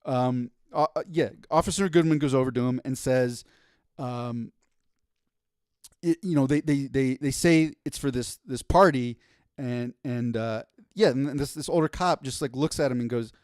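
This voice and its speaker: A man's voice: medium pitch, normal speed, clean tone, no echo, clean studio sound. A man, telling a story on a podcast with lots of restarts and laughter. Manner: animated, laughing, stammering restarts. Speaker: podcast co-host. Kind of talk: casual storytelling chat.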